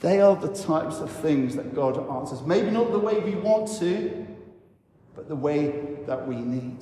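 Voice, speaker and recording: A man who is a vicar, giving a sermon in a church and telling the story slowly with reflective pauses. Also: on the high side, lively intonation, dark tone. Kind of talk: sermon talk. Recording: echoey church hall.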